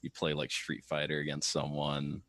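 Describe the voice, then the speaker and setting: Young guy with a deep low voice, laid back, chuckles and chimes in on a podcast. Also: completely flat delivery, normal speed, a bit bright. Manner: laid-back listener, chuckles and short replies. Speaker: podcast co-host. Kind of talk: casual chat.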